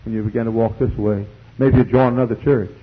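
A man preaching a fiery sermon in church, swinging from hushed pleading to shouting. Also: mid-range voice, fairly even intonation, fast, husky. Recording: dull lo-fi tape recording.

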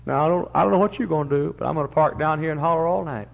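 A man's voice: on the high side, racing, vocal fry, pitched above the performer's own voice. A man voicing a desperate man who keeps begging his neighbor for bread at night. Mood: insistent. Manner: pleading, insistent. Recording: dull lo-fi recording.

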